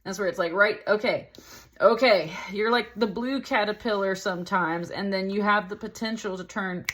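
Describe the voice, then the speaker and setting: A woman with a mid-range, slightly bright voice reads tarot casually at a moderate pace. She rambles loosely, leaning heavily on "like" and laughing now and then.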